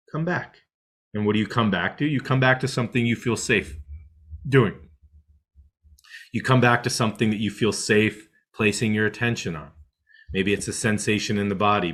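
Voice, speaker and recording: A man teaching a meditation lesson through an extended metaphor, animated and acting out inner thoughts, often checking in with "right?". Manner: animated, acts out inner voices with rising pitch.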